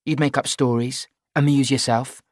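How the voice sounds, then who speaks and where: A man reading an audiobook, voicing a guarded, sharp-tongued teenage girl with quick, sarcastic retorts. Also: medium pitch, steady tone, no room sound, clean studio sound, lightly acted. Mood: defiant.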